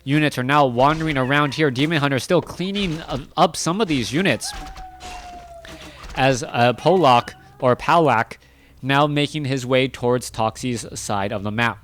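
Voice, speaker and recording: A man's voice: medium pitch, normal speed, slight background noise. A man doing solo play-by-play commentary on a strategy game, chatty and correcting himself as he goes. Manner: chatty, self-correcting, rising excitement in big moments. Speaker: esports caster.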